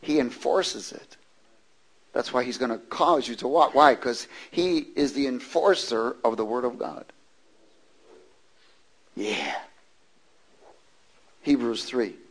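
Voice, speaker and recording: A man's voice: medium pitch, lively intonation, poor audio. A man preaching a sermon and reading scripture aloud, stressing words and calling for responses from the congregation. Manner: emphatic, calls for responses from the congregation; draws out scripture words slowly, with sudden loud stresses.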